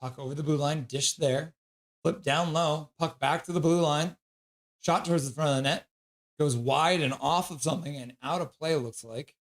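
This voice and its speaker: Male streamer, slightly high voice, casual hockey play-by-play, bursts into excited shouts reading chat. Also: moderate pace. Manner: reads chat messages aloud with excited shouts. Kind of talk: casual live-stream commentary.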